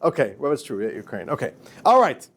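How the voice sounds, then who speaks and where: A man, a rabbi, lecturing a class in a lively, chatty way, often repeating himself and laughing at his own stories. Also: medium pitch, a little fast, slightly rough. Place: classroom with students.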